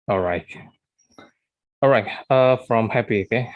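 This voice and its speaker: A man's voice: on the low side, measured pace, phone-quality sound. A man volunteering in an online class, speaking casual non-native English. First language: Indonesian.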